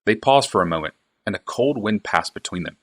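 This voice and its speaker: A man reading a fantasy novel aloud in steady, even narration. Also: lowish voice, fairly quick. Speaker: reader, streamer.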